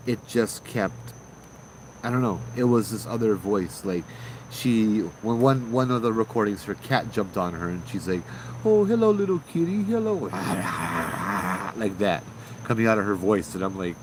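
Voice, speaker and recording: Brief: low-pitched man, host, rambling casual ghost-story telling, faint background noise. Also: normal speed, poor audio. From Hawaii. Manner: rambling, with many restarts.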